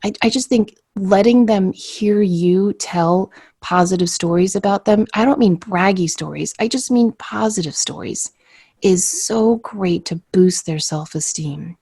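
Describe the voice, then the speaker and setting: A woman's voice: medium pitch, a little slow, slightly rough, no room sound, studio quality. A middle-aged woman co-hosting a podcast, telling a story from her family life and acting out the voices of others. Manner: storytelling, animated when quoting others. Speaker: podcast co-host. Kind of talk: conversational podcast chat.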